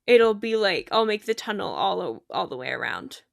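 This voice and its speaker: A young woman chatting casually while streaming a game, bubbly, giggly and easily excited, talking to friends in the game. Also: medium pitch, normal speed, creaky, no echo, studio quality. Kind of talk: casual gaming stream chat.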